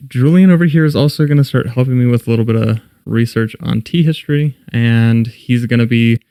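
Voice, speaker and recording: Mellow-voiced male podcast host. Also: mid-range voice, brisk, smooth, no echo, clean studio sound. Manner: relaxed, tasting and describing coffee. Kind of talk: casual chat and scripted intro.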